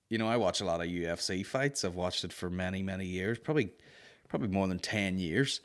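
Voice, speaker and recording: A young man, hosting a podcast with sweary, rambling comic banter and sudden loud mock-operatic wails. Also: sits low, fast talker, clear, resonant tone. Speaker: podcast host. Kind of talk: casual comedic banter.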